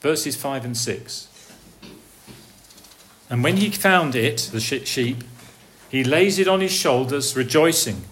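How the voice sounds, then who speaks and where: Slow, earnest male preacher. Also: fairly high pitch. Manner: swings from soft, hushed lines to raised, calling ones. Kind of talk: sermon.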